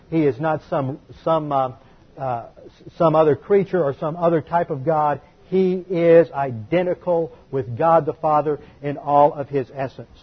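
A pastor with a slightly high, breathy voice delivers a teaching sermon, emphatic and methodical. He spells out terms and repeats figures so listeners can write them down. The recording is dull and lo-fi.

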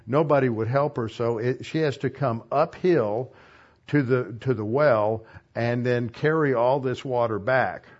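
A man giving an expository sermon as a Bible teacher. He reads a passage, then pauses to explain it. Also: medium pitch, a little mellow, muffled recording.

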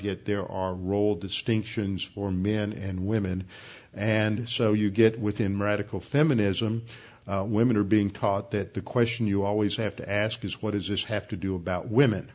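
A man's voice: fairly low pitch, a little mellow. Man teaching a sermon, dull lo-fi sound. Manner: measured, explanatory, slows to stress key words. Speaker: pastor.

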